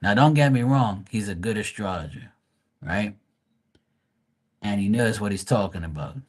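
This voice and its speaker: Profane, rambling man, lowish voice. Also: normal speed. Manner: blunt, profane, rambling with many restarts. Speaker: live stream host. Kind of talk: casual livestream chat.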